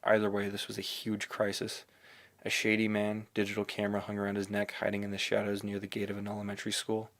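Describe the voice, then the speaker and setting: A man narrating a novel in the first person, in a rambling, excitable inner monologue. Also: lowish voice, fast talker. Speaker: audiobook narrator.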